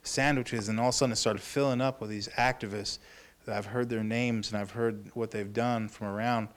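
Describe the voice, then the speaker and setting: A young man moderating a symposium panel, telling a story in a casual, animated way and laughing often. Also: lowish voice, a little fast. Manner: laughing, animated, self-deprecating.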